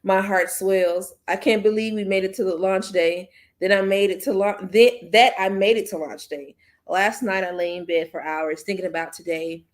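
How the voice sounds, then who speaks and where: A woman's voice: medium pitch, steady tone, normal speed. A woman hosting a book club channel, reading a novel aloud in first person and breaking off for chatty asides to viewers. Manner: chatty, slips and restarts, speaks to viewers as y'all.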